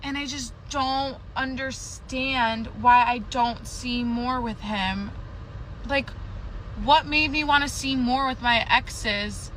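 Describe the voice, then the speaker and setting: A woman's voice: high voice, fairly even intonation, slow, fairly bright tone, a little hiss or hum. A woman vlogging from a car, emotional and rambling about her frustration. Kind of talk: vlog confession. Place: sitting in a car.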